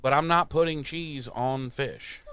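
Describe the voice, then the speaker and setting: A man co-hosting a podcast in casual recap chat, profane and animated, often mocking characters. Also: mid-range voice, unhurried, clean tone, no echo. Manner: animated, profane, mocks characters in put-on voices. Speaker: podcast co-host.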